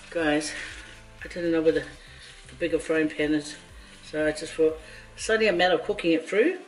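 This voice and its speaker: A woman's voice: deep voice, fairly even intonation, moderate pace, pauses often. A woman vlogger cooking in her home kitchen, chatting playfully and joking with her viewers as she goes. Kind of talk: casual cooking vlog chat. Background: faint background music.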